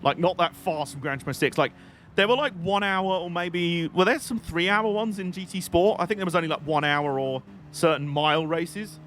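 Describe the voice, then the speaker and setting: A man's voice: on the high side, moderate pace, fairly bright tone, a little hiss or hum. A young man giving rambling, jokey live commentary while playing a racing game on stream. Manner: jokey, rambling, chatty banter.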